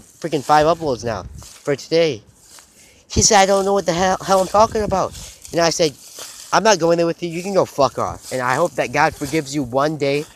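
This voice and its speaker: A young man vlogging outdoors about fitness, rambling and swearing with lots of stumbling restarts. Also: a little high. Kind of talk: rambling off-the-cuff vlog. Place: outdoors in a rural spot. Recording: loud outdoor background noise.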